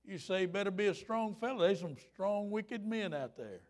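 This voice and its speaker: A man in his fifties preaching a fervent, folksy revival sermon, rising at times to shouts. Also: sits high, expressive, normal speed.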